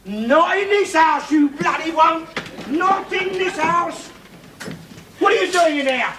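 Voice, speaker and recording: An actor playing a bigoted, ranting middle-aged working-class man in a 1970s television sitcom, loud and blustering and swearing constantly. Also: very high voice, animated, takes it slowly, exaggerated voice. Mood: shouting. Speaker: sitcom character. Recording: hissy old television recording.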